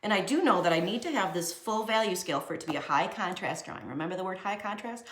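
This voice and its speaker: A woman's voice: mid-range voice, animated, fast, fairly bright tone. A young woman teaching a casual drawing lesson, chatty and joking with herself as she shades. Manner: chatty, jokey, talks to herself while drawing. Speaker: art teacher. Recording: echoey room.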